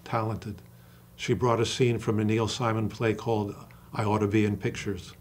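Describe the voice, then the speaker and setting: An older man, an acting coach, talking in an interview with passion and slowing down to stress single words. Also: fairly low pitch, slight background noise. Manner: passionate, emphatic storyteller who acts out quoted dialogue. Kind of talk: interview conversation.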